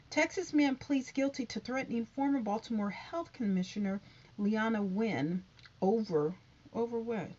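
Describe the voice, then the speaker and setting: A woman's voice: on the high side, moderate pace, dark tone. A woman hosting a casual news vlog, reading headlines aloud and adding chatty asides to her viewers. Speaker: YouTube covid news host. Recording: dull lo-fi sound.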